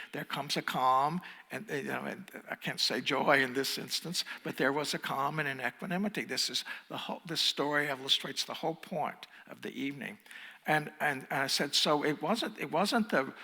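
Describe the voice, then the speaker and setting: A meditation teacher, a man, tells a story during a dharma talk in an easy, conversational way, with small chuckles and restarts. His voice is bright but husky, and a long hall reverb trails behind it. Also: a little high, a little fast. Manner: conversational, chuckling, restarts, drops to hushed emphasis.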